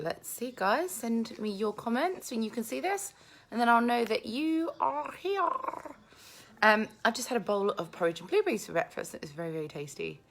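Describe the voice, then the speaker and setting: Her voice sits lowish and sounds gravelly. She's an Englishwoman at home with family, running a casual live Q&A on a handheld phone, chatting and reading viewers' comments out loud.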